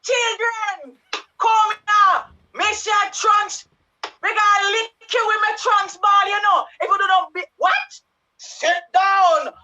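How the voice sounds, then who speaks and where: A woman's voice: very high-pitched, steady tone, slow pace, bright, forceful tone, heavily acted, rough recording. A woman voicing a huge, tyrannical female headmistress in a put-on West Indian accent, bellowing threats in broken phrases. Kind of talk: improv comedy character. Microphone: video call.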